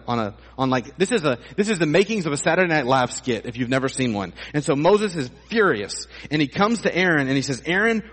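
A man preaching a sermon as a pastor in a church, animated and acting out voices with comic exaggeration. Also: fairly high pitch, slightly rough. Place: church sanctuary. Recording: long hall reverb.

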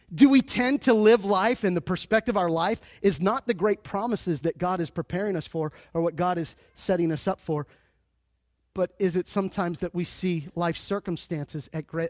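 A man preaching to his congregation, his voice pitched high for a man. He jokes and teases, then falls into quiet, confiding asides before building back up. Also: normal speed, no echo. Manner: lively, joking preacher with sudden drops to a quiet aside. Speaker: pastor. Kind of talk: sermon.

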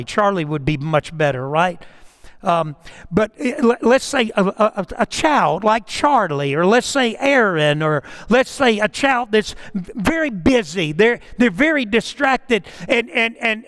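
Man, middle-aged, pastor, sermon, high-pitched, animated, repeats words. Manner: animated, addresses listeners by name, repeats words.

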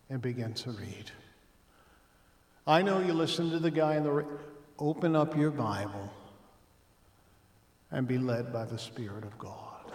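A male pastor preaches slowly and deliberately to a congregation. His delivery drops to hushed asides and then rises to loud, emphatic exclamations. His voice carries through a roomy church with a long reverb tail. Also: medium pitch. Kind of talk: sermon. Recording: echoey church hall.

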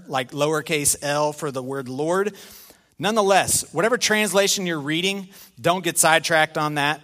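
Bright-voiced, lively pastor preaching. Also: male voice, fairly high pitch, moderate pace. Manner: animated, conversational, self-deprecating humor. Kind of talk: sermon.

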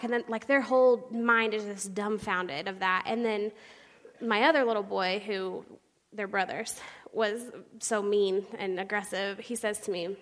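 A young woman giving a personal testimony to a church congregation, animated and storytelling, acting out the people she quotes. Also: medium pitch, a little slow. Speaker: church speaker sharing her testimony. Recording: long hall reverb.

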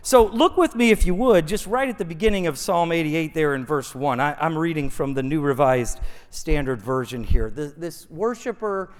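Animated male pastor in an echoey hall. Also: fairly high pitch, moderate pace. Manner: conversational, animated preaching with frequent restarts. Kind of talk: sermon. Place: church sanctuary.

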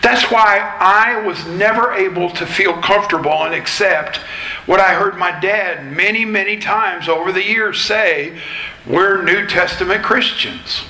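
A man, a pastor, giving an expository sermon in a measured, explanatory teaching manner. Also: high voice, sharp tone, reverberant, poor audio.

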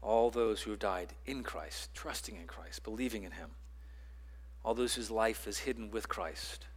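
A man preaching a sermon as pastor, building to loud emphatic lines and dropping to quiet ones, with repeats and restarts. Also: on the low side, normal speed, husky. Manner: repeats words and restarts phrases.

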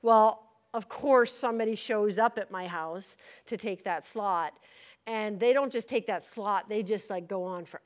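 A woman's voice: mid-range voice, measured pace. A middle-aged woman who leads a church, telling a personal testimony in a conversational storytelling way and acting out what she once said. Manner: conversational storytelling, acts out her own past words. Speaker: church leader giving a testimony.

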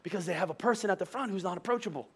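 High-voiced man preaching a chatty sermon. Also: rapid-fire, a bit bright, husky. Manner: chatty, joking, with frequent laughs and repeated words. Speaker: pastor. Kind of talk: casual conversational sermon.

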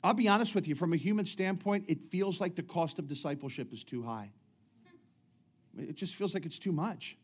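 A man's voice: fairly high pitch, moderate pace, breathy edge. A middle-aged man preaching a sermon, talking in a chatty way with jokes and many restarts. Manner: conversational preaching with humorous asides and frequent restarts. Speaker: pastor.

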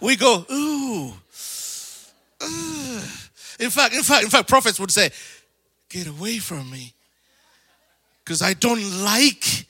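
Man, pastor preaching a sermon, high voice, bright tone, animated, acts out voices, calls for amens. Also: breathy edge, no room sound, clean studio sound.

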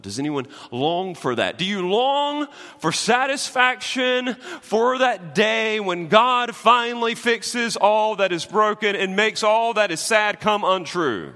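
A man preaching a sermon as a pastor, animated and swinging between loud and hushed, with jokey asides. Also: high voice, long reverb tail.

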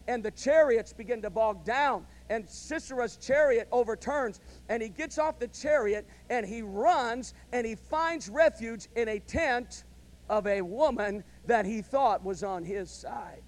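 A male pastor delivering a sermon, telling a story and building to loud, emphatic calls of amen. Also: very high-pitched, unhurried.

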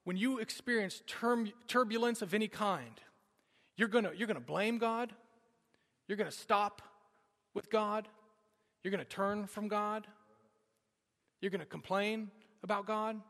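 A man in his thirties preaching a sermon and telling a personal story with dramatic shifts between urgent and hushed delivery. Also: sits high, measured pace, long pauses. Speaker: pastor. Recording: long hall reverb.

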